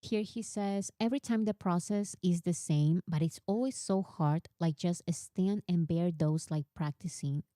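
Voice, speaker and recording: Woman, live-stream host, animated fan chatter, mellow low-ish tone, dry close sound. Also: measured pace, few pauses, no room sound. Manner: chatty, animated, reads quotes aloud.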